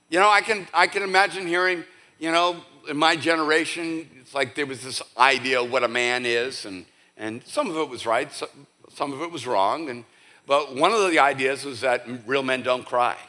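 A middle-aged man preaching a sermon as pastor, conversational, dropping to a hush and then rising to emphatic peaks. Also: fairly high pitch, expressive, normal speed. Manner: conversational, swinging between hushed and emphatic. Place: church.

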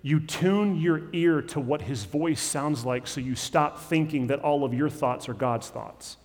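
A man's voice: on the high side, unhurried, darkish tone. A man preaching a conversational sermon as pastor, often acting out quoted voices. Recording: long hall reverb.

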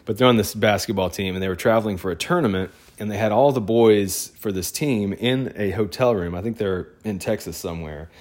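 Man, very low voice, casual storytelling, rambling, excitable. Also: fairly quick, few pauses. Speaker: photographer.

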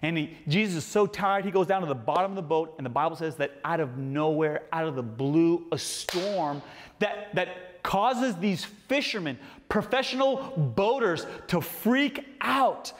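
A man, a pastor preaching a sermon with animated delivery and playful asides. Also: on the high side, a little slow, in a large hall.

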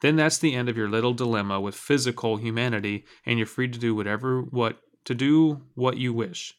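A man's voice: mid-range voice, brisk, smooth, close to an everyday voice. A man voicing a defiant young man who rails angrily against the machine that traps him, in an audiobook-style reading. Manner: angry and defiant.

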